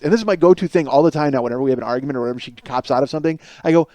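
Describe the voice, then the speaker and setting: A man in his thirties talks through a solo comedy monologue, rambling and profane, laughing as he goes. His voice sits a little high for a man. The sound is dry and close, with no room around it. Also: very fast, warm tone, no room sound. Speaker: podcast host.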